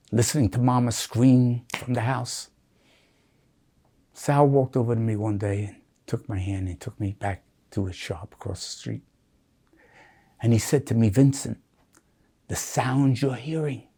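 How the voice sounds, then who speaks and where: An older man from the United States tells his life story in an interview, his voice husky and a little worn. He tells it with feeling and acts out the voices of people he remembers, now hushed, now loud. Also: mid-range voice. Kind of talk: emotional storytelling.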